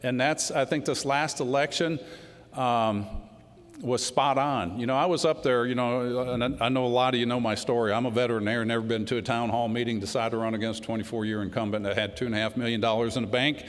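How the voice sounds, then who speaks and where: A man's voice: medium pitch, fairly even intonation, fast. Folksy man speaking in a hall. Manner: folksy, storytelling, says y'all. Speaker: congressman giving a speech. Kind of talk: unscripted political speech. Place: large hall before a crowd. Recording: hall reverb with crowd.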